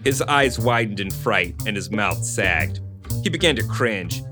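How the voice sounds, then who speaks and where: A man hosts a casual podcast, joking with fillers and reading passages of a hardboiled novel aloud. His pitch swings a lot as he talks. Music runs under his voice. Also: unhurried. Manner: animated, laughing, many fillers. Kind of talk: casual chat and book reading.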